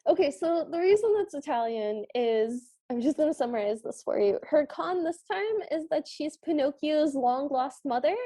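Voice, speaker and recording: A woman's voice: high voice, lively intonation, moderate pace, few pauses, dark tone. A woman co-hosting a podcast, chatting casually as she recaps a film and acts out lines from it. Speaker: podcast co-host. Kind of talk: casual movie recap chat.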